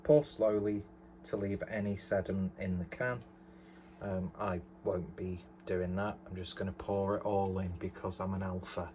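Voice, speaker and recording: A man chats casually at home in his bedroom while reviewing a beer, filmed by a camera on a tripod, rambling with lots of fillers and self-deprecating asides. His voice sits low, with a level, darkish tone at normal speed. A little hiss or hum is audible.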